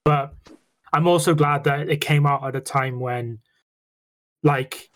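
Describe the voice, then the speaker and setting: A male podcast host chatting casually with friends. His voice sits a little high for a man. He talks in an animated way, swears freely and acts out scenes as he describes them. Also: slow pace.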